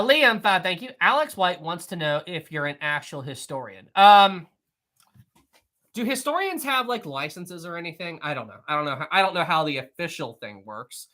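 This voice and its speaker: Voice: mid-range voice, sharp tone. A live-stream host chatting casually and answering the chat, often repeating phrases.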